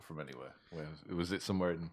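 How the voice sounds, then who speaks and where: A man co-hosting a comedy podcast, throwing in quick wisecracks and laughing a lot in casual banter. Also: sits low, a little mellow. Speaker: podcast co-host.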